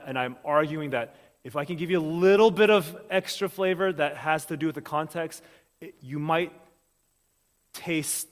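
A man's voice: mid-range voice, a bit bright. A man preaching a sermon, casual and conversational, checking in often with his congregation. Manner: casual, talks straight to the congregation with quick check-ins. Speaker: pastor. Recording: long hall reverb.

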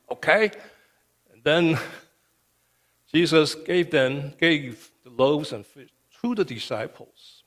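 A man's voice: a little high, animated, slow pace, pauses often, fairly bright tone. A male pastor preaching a sermon with emphasis, often checking in with "okay". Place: church sanctuary. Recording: long reverb of a church hall.

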